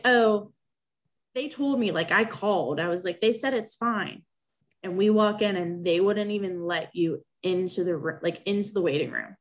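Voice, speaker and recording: Young woman telling a story with feeling. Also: fairly low pitch. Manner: animated, acts out remembered exchanges. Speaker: guest sharing a personal story. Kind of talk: casual conversational storytelling.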